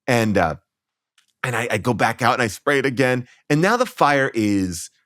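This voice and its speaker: A man's voice: mid-range voice, sing-song, normal speed, a bit bright, no room sound, clean studio sound. A man in his forties, a podcast guest, telling a funny childhood story with lots of fillers and restarts, acting out his own lines. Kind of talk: comic storytelling.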